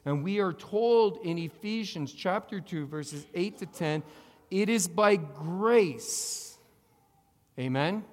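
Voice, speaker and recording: A pastor preaching a sermon to his congregation, calling for amens and having them repeat lines after him, moving between loud emphatic phrases and quiet asides. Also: a little high, in a large hall. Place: church sanctuary.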